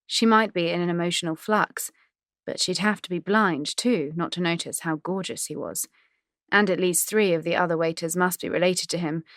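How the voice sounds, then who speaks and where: A woman's voice: on the low side, no room sound, studio quality. A woman reading a novel aloud in wry, conversational narration. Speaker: audiobook narrator. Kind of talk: scripted narration.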